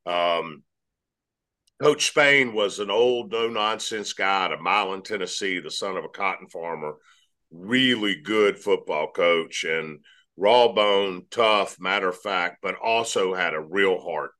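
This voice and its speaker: Deep bright-toned man. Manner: measured, earnest storytelling. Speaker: guest. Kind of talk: storytelling interview answer.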